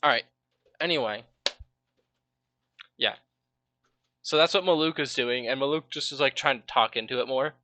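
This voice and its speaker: A man's voice: mid-range voice, normal speed, pauses often, sharp tone, dry recording. A man running a tabletop game on a live stream, laid-back and rambling, often laughing at his own asides. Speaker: game master.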